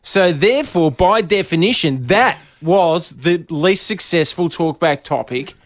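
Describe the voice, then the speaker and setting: A man's voice: on the high side, expressive, measured pace, dry recording, clean studio sound. A man, hosting breakfast radio in a self-mocking, laughing banter. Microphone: studio microphone.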